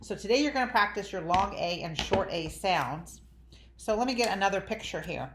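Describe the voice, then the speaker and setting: A woman teaching young children a phonics lesson in an animated, drawn-out sing-song teacher voice. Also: medium pitch, noisy background. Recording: echoey room.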